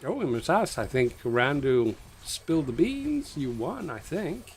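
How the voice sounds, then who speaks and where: Hosting a casual live stream, a man rambles and chats loosely with viewers, reading their names aloud and filling his talk with fillers and asides. His mid-range voice swoops wildly in pitch at a slow pace. A little hiss or hum is audible.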